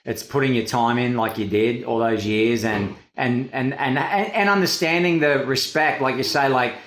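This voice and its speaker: A man's voice: medium pitch, normal speed, fairly bright tone. Laid-back male host in an echoey room. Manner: laid-back, reflective, swears casually. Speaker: podcast host, big-wave surfer. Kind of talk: casual conversational interview. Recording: roomy echo.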